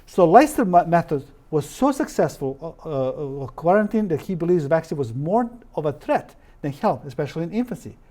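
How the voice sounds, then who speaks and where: A man giving an informal lecture as a naturopathic doctor, halting with many fillers and restarts, often turning to the audience with rhetorical questions. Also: a little high, very animated, warm tone.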